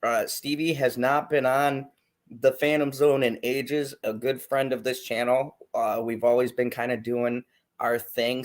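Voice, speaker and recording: A young man hosting a casual livestream chat, hyped and joking as he reads the chat aloud. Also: mid-range voice. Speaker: host.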